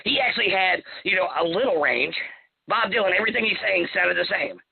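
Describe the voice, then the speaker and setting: Gravelly joking radio co-host man. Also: high-pitched, a little fast, no room sound. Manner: joking, repeats words when excited. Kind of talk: casual comedic radio chat. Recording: dry, tinny phone-like radio sound.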